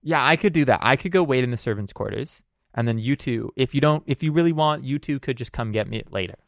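A man's voice: medium pitch, fast, creaky, no room sound, clean studio sound. A man playing a tabletop role-play game, insistent and repetitive, stammering through restarts. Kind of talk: casual role-play chat.

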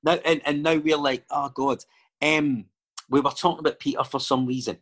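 Rambling Scottish man, husky voice. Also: on the high side, fairly even intonation, brisk, a bit bright. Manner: rambling, lots of fillers and digressions. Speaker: actor and filmmaker guest. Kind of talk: casual chat.

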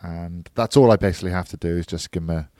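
A man's voice: low-pitched, quick pace, dark tone, dry recording. A man co-hosting a casual podcast, telling stories and chatting with his friend. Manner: chatty, laughs at own stories, acts out mates' voices. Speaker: podcast co-host.

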